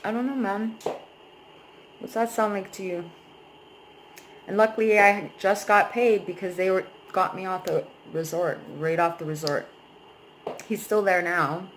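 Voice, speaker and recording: A young woman talks straight into her camera, frank and emotional, cursing without a second thought. Her voice sits at an ordinary middle pitch. A faint hiss runs underneath. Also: fairly even intonation, unhurried, pauses often, low-quality recording. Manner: frank, emotional, swears freely. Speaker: vlogger. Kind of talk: candid personal venting.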